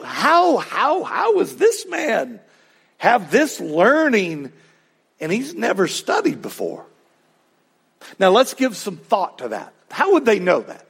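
A pastor preaching a sermon in a conversational way, with asides and questions to the congregation. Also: male voice, sits high.

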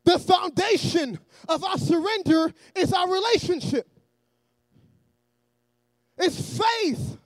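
A man preaching a sermon in a church, energetic and often shouting, with joking asides to the congregation. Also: extremely high pitch, no echo.

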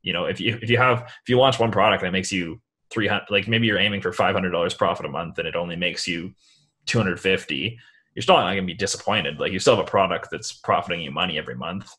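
A man's voice: low-pitched, fast. A man, a guest talking casually in an interview, rambling with lots of fillers. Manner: relaxed, rambling, many "like" fillers. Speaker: guest, online seller.

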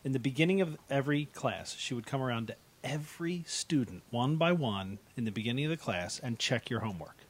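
A middle-aged man hosting a podcast, telling a school story in casual chat, animated and laughing often. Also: medium pitch, fairly quick, few pauses, slightly rough. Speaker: podcast host.

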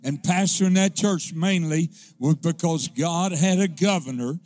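A pastor telling a folksy, humorous testimony that rises into fervent preaching. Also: male voice, on the high side, a little slow, darkish tone. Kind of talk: storytelling sermon.

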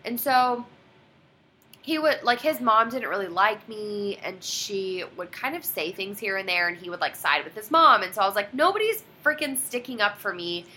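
Young woman, casual chat, lively swooping delivery, bright tone, acts out quotes. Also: medium pitch, normal speed. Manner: animated storytelling, quotes others dramatically. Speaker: guest telling a story.

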